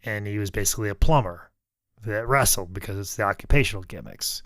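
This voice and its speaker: A man's voice: on the low side, fast, a bit bright, no echo, clean studio sound. A man co-hosting a podcast, telling stories casually, swearing freely and acting out quotes. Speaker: podcast co-host. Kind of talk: casual storytelling chat.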